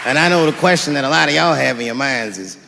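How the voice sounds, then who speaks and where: Gravelly male comic on a live stage. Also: medium pitch. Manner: deadpan, drawn-out punchlines, profane. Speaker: stand-up comedian. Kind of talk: stand-up comedy set. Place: stage in a large hall before a live audience. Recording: echoey hall, crowd noise. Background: audience laughter and murmur.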